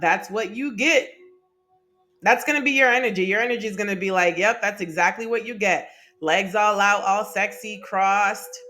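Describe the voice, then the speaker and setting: A woman's voice: medium pitch, a bit bright. A woman doing a casual tarot reading to camera, chatty and emphatic, often laughing. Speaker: tarot reader.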